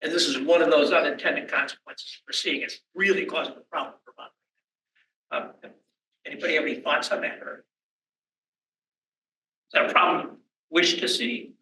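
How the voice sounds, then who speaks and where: Bright-voiced man on a panel, echoey. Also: on the high side, slight background noise. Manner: halting, many restarts. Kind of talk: panel discussion. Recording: echoey room from a distance.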